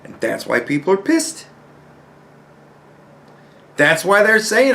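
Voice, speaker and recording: A man's voice: high-pitched, huge pitch swings, slow pace, gravelly, pauses often, bright, forceful tone. A man giving ranting personal commentary as host, exasperated and profane, firing off rhetorical questions.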